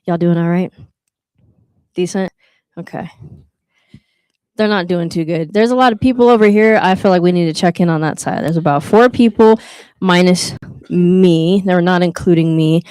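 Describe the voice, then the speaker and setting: A woman's voice: on the low side, normal speed, pauses often, dark tone, smooth, no echo. A woman hosting a live open mic night, joking with the crowd and reading a poem, with a playful, teasing manner. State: out of breath. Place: live venue with an audience.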